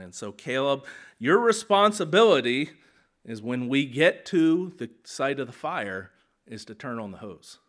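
A man in his thirties, a pastor preaching a sermon in an animated, conversational way. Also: mid-range voice.

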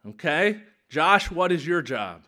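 A man in his thirties, a pastor preaching a sermon in an animated, conversational way. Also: a little high, slow pace.

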